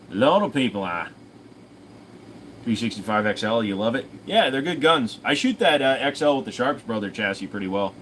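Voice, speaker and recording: A man's voice: medium pitch, fairly bright tone, slight background noise, rough recording. Casual, profane male streamer. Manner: profane, offhand, reads viewer comments aloud and answers. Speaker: host. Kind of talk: casual livestream Q&A.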